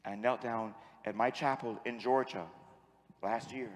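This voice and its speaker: In a large church with a long echo, a priest with a steady, medium-pitched voice preaches a little slowly. He tells a story in his sermon, then leads the congregation in call-and-response.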